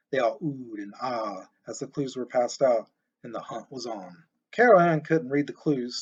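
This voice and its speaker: A man narrating an audiobook in a steady, expressive storytelling voice. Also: medium pitch, slightly rough. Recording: muffled lo-fi recording.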